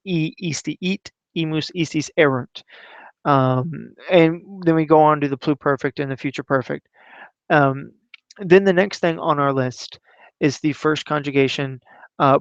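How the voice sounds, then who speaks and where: Man, Latin teacher, relaxed, chanted recitation, smooth voice, dry close sound. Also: fairly high pitch, moderate pace, no echo, highs cut off. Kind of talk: explaining classroom Latin recitation.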